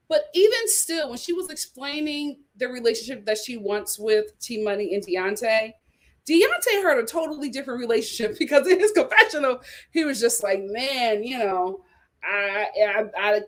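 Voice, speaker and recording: A woman hosting a reality TV recap, talking in a lively, gossipy way with sudden exclamations and laughter. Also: mid-range voice. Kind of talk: casual recap chat.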